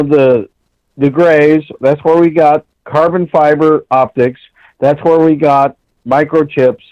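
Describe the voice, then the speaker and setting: A man's voice: a little high, no room sound. Profane man telling a story over a muffled call. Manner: blunt, profane, animated, acts out quoted dialogue. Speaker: caller. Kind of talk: storytelling phone call on a talk show.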